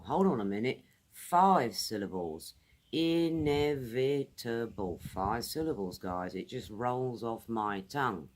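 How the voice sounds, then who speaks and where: Slow-spoken British woman teaching English. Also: very deep voice, animated. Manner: friendly, repeats words slowly for pronunciation. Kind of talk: casual video lesson. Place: outdoors.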